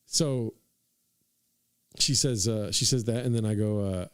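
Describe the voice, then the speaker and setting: This young podcast host delivers casual comedic storytelling, rambling and swearing, peppering it with "dude" and side remarks to his audience. His voice sits on the low side, unhurried, clear and resonant, in a dry recording with clean studio sound.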